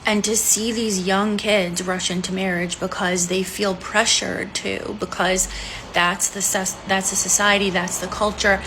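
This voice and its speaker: A woman's voice: mid-range voice, little pitch movement, measured pace, noisy background. A woman in her forties speaking frankly in a candid vlog monologue, telling a personal story in a blunt, unfiltered way. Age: 40s.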